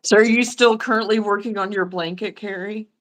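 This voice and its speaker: A woman's voice: mid-range voice, fairly even intonation, a little fast. A woman casually hosting a livestream chat, friendly and encouraging. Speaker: livestream host.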